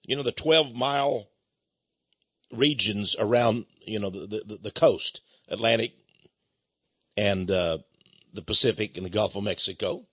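An older man with a Texan accent, hosting a folksy, emphatic monologue that rises to loud peaks. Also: medium pitch, husky, dry recording. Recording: dull lo-fi recording.

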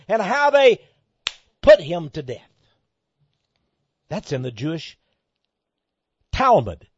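A man giving an emphatic monologue, reading an article aloud and commenting on it, with sudden loud stresses. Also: high voice, slightly rough, no room sound, muffled recording.

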